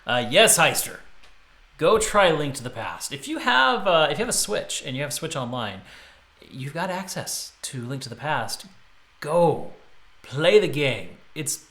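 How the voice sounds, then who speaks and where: Casual male streamer, slow unhurried delivery, roomy sound with instrument playback behind. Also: a little high, sing-song, bright, forceful tone. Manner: thinking aloud with frequent restarts, chatting to viewers. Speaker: streamer arranging music. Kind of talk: casual live-stream commentary. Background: musical instrument playback.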